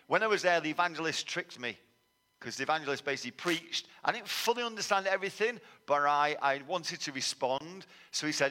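A man's voice: on the high side, lively intonation, quick pace, pushed and bright. A man from England with a Manchester accent, giving a sermon testimony in a conversational, self-deprecating storytelling manner. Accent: Manchester English. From England, raised in Manchester. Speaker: guest preacher. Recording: long hall reverb.

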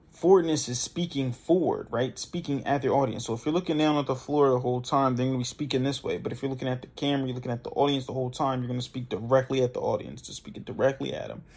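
Gravelly, husky young man coaching casually. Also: medium pitch, a little mellow. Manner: loose, conversational, demonstrates voice exercises. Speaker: podcast host. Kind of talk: casual instructional talk.

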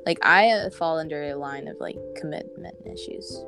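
A teenage girl co-hosting a casual chat, talking fast and loosely with lots of "like" and acted-out quotes. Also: low-pitched, over music. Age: teens. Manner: chatty, heavy use of "like", animated quoting. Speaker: co-host.

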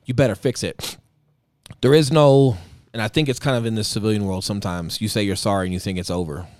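Profane, animated man telling a story. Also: on the low side, fast, no room sound, studio quality. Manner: profane, animated, acts out quotes. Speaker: Marine veteran and podcast guest. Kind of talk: casual storytelling chat.

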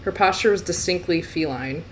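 A woman's voice: fairly low pitch, moderate pace, slight background noise, low-quality recording. A young woman co-hosting a podcast, reading a novel aloud and breaking off to joke and laugh. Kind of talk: casual read-aloud podcast.

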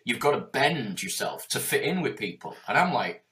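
Middle-aged man, Yorkshire accent, business coach, sweary, animated, pitch jumping around. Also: normal speed. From Yorkshire, England. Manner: animated, swearing, acts out quoted voices. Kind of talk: casual podcast chat.

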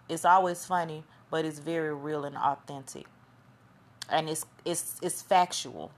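A woman's voice: low-pitched, gravelly. A woman hosting a podcast in a chatty, rambling monologue, often losing her train of thought. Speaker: podcast host. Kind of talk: casual monologue commentary.

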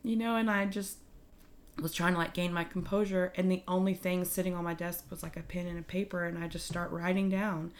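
Young woman, lowish voice, casual storytelling, animated, lots of fillers. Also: a little fast. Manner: animated, emotional retelling with many fillers. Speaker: guest telling her faith story.

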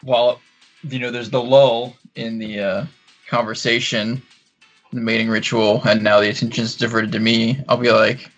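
A man's voice: medium pitch, level tone, moderate pace, fairly bright tone, faint music behind. A man playing a tabletop game, talking hesitantly with many fillers and laughs. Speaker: player. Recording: dull lo-fi recording.

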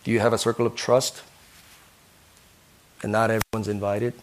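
A man's voice: fairly low pitch, flat delivery, moderate pace, slight background noise. Earnest male pastor preaching. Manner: earnest, asks the listeners questions, often ends with "right?". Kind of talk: sermon.

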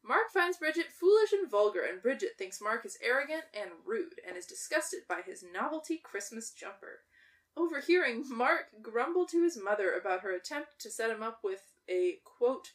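A woman's voice: on the high side, sing-song, normal speed, fairly bright tone, recorded from a distance. A woman, co-hosting a casual movie podcast, sarcastic and swearing freely. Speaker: podcast co-host. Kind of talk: casual movie recap chat.

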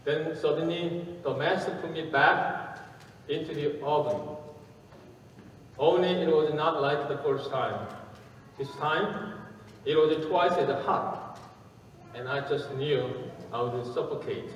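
A man preaching a sermon and telling a story, speaking haltingly with pauses and fillers, recorded from far off in an echoey hall. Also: fairly high pitch, highs cut off, a little hiss or hum.

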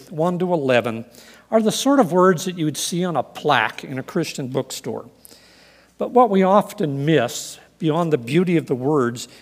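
A man preaching a sermon in an earnest, measured way, reading scripture and telling stories. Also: fairly high pitch, in a large hall. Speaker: pastor.

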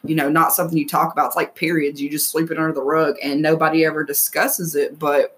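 A woman's voice: sits low, little pitch movement, quick pace. Frank young mother co-hosting a podcast. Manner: frank, talks in run-on thoughts with fillers. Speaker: co-host. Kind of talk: casual chat.

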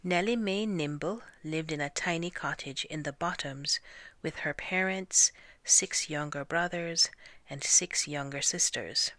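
A woman reading a storybook aloud with gentle, measured storytelling. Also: low-pitched, no room sound. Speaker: storybook reader.

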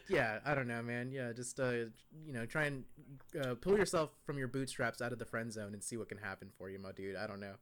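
A man's voice: mid-range voice, fairly quick, a bit bright. A man co-hosting a podcast, chatting casually in a laid-back, slangy, rambling way. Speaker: podcast co-host. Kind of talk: casual chat.

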